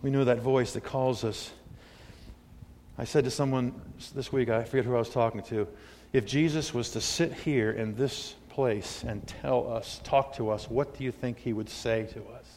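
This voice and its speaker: A man in his sixties preaching a sermon, moving between loud emphatic peaks and hushed, quiet asides. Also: mid-range voice, steady tone, normal speed, a little hiss or hum. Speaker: pastor. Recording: long hall reverb.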